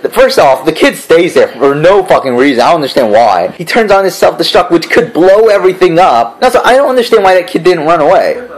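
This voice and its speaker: A man's voice: high-pitched, big pitch swings, brisk, rough recording. A man giving a casual spoken review, ranting in an exasperated, profane way. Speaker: show reviewer.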